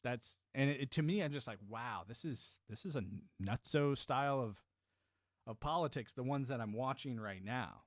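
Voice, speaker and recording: A man's voice: mid-range voice, normal speed, dry recording, clean studio sound. A man from the United States streaming a casual, rambling monologue, emphatic and prone to repeating words as he restarts his thoughts.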